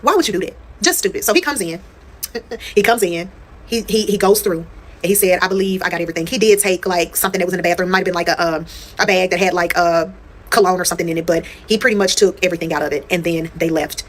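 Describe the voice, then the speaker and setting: A woman's voice: on the low side, quick pace. A woman telling a personal story in casual storytime style. She talks straight to her viewers, swears freely and repeats phrases for emphasis.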